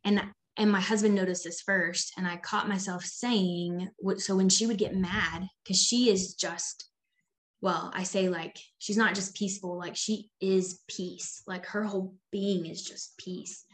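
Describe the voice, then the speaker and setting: A woman's voice: medium pitch, fairly even intonation, unhurried. Woman in her 30s, chatty guest, lots of "like", plain mid-range voice. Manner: chatty, many "like" fillers, acts out quoted voices. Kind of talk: casual conversation.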